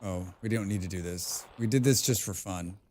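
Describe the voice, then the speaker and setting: A man's voice: sits low, moderate pace, a little mellow, a little hiss or hum. A man casually chatting on a game live stream, humming and mumbling nonsense sounds between remarks. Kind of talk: casual live-stream chat while playing.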